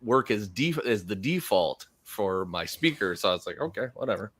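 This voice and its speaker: Lively mid-voiced man telling a story. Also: fairly low pitch, normal speed, no room sound. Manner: animated, chatty storytelling. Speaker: player. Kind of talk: casual chat. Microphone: headset on a video call.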